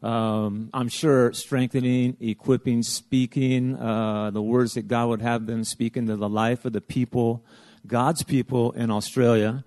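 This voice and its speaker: A man's voice: lowish voice, a little mellow, dry recording. A man giving casual announcements to a church congregation, rambling with many fillers and restarts and joking with the listeners. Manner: rambling, filler-heavy, self-interrupting. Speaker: church leader.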